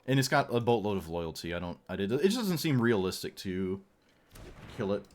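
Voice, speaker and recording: A man's voice: on the low side, very animated, a little fast. A man streaming a card game, giving playful, joking commentary and talking at his opponent. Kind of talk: casual gameplay commentary.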